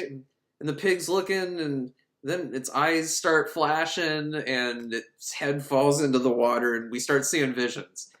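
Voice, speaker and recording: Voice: mid-range voice, fairly even intonation, unhurried, a bit bright, reverberant. A film reviewer recapping a movie in a casual, sarcastic, comedic way, often laughing.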